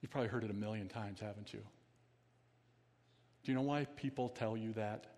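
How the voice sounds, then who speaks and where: A male pastor preaching a sermon in a conversational way, often asking his listeners questions and dropping to a quiet voice for emphasis. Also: on the low side, a little fast, long reverb tail.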